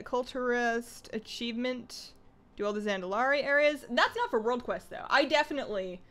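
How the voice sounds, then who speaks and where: A woman with a Canadian accent chats casually with her viewers while she plays a game on stream. She talks very fast and keeps up a running, chatty commentary, with a voice pitched in the middle range for a woman. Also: a bit bright. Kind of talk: casual live-stream chat while gaming.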